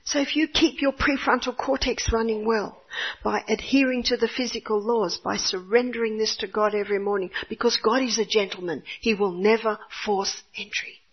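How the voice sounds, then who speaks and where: An older woman with a husky voice tells a faith story in an earnest, expressive way. She speaks as a mother recalling her own homeschool days. The recording sounds a little muffled. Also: on the high side, moderate pace. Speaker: homeschooling mother giving a talk.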